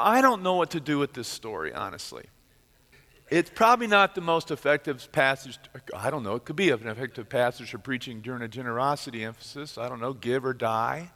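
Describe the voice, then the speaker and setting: A middle-aged man, a pastor preaching a sermon and retelling a story with dramatic swings from loud to hushed. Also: mid-range voice, expressive, fairly quick, big-room sound. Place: church sanctuary.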